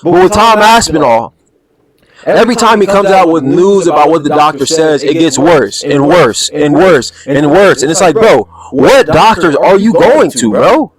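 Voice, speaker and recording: A man hosting a reaction video with casual, animated, slang-heavy commentary that keeps breaking into laughter. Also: a little high, normal speed, over a noisy crowd, poor audio.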